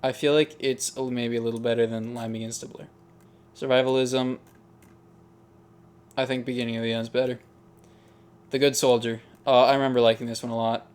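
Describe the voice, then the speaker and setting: A man talking casually as he ranks songs. He thinks aloud, hesitates and restarts often, in a voice of middling pitch. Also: level tone, a little fast, long pauses, smooth. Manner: musing, hesitant, frequent ums and restarts. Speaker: music ranking video host. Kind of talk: casual tier-list commentary.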